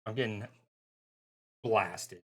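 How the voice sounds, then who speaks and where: A man's voice: lowish voice, extremely slow, breathy edge. A man hosting a live football watchalong stream, talking casually and rambling, often breaking off mid-sentence. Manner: rambling, self-interrupting, bemused.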